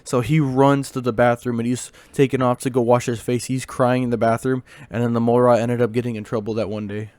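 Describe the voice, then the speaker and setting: A man's voice: medium pitch, little pitch movement, brisk, hardly any pauses, a little mellow, no echo. Rambling young man telling a story. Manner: rambling, with many fillers and restarts. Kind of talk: casual storytime vlog.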